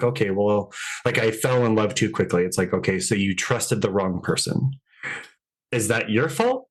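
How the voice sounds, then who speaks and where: A man who works as a dating coach chats loosely on a podcast in a low voice. His tone is husky and full of casual fillers. He often acts out imagined conversations with clients.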